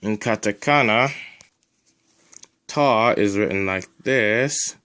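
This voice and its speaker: A man's voice: on the low side, takes it slowly, bright, forceful tone. A man teaching a recorded language lesson, drilling sounds one at a time and adding casual asides.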